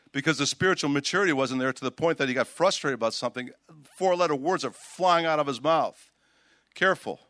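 An older man, a pastor, preaching a sermon outdoors, reading scripture aloud with emphasis and telling stories in an animated way. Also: fairly high pitch, dry recording.

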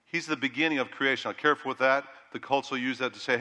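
A middle-aged man preaching a sermon with animated delivery, rising loud and dropping to a hush. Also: medium pitch, quick pace, hardly any pauses, big-room sound. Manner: animated preaching that rises loud and drops to hushed. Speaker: pastor.

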